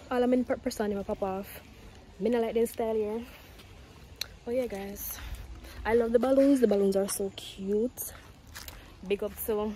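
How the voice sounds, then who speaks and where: A woman's voice: mid-range voice, mellow, a little hiss or hum, low-quality recording. A woman, chatting casually to her viewers in a vlog. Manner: chatty, addresses viewers as guys. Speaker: vlogger.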